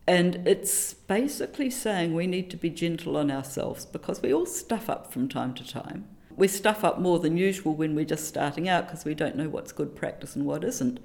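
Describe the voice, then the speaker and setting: A middle-aged woman from New Zealand talks about teaching in a relaxed interview. Her voice sits a little low, and she tells stories in an animated, self-deprecating way, often reaching for a quote or a saying. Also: normal speed, creaky, few pauses. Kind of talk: reflective conversational interview.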